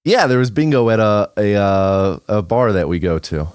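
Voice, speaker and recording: A man's voice: on the low side, sing-song, normal speed, a little mellow, clean tone, no echo, studio quality. A man co-hosting a podcast in casual chat, teasing and chiming in with wry remarks. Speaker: podcast co-host.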